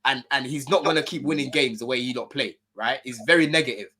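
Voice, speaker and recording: A man's voice: mid-range voice, fast, pushed and bright. A young man arguing football on a podcast, pushing his point hard and repeating himself. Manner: argumentative, repeats points, street slang. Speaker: football pundit. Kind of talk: heated podcast debate.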